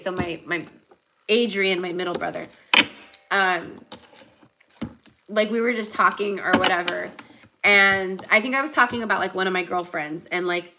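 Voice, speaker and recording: A young woman with a bright, forceful voice talks through a live tarot reading. She rambles casually, full of "like" and "um", then slows right down to press a spiritual point home. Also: medium pitch, rough recording. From California. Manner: chatty, rambling, many fillers and "like". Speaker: tarot reader.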